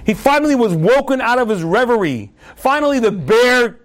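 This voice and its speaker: Male preacher, high-pitched, animated storytelling sermon. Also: normal speed. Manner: animated, acts out the voices of the figures in his story.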